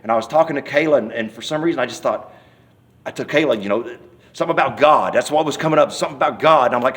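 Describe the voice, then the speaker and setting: A man's voice: medium pitch, fast. A man giving a personal testimony in an interview, telling his story in a folksy, rambling way and acting out the scenes as he goes. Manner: animated storyteller, acts out scenes and hollers quoted cries; folksy, rambling speech with many restarts. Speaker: church member giving testimony.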